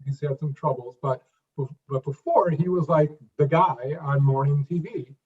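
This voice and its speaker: Brief: fifties man, interview guest, slightly high voice, halting restarts, distant dull recording. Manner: halting restarts, repeats words, then emphatic phrases. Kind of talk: conversational interview.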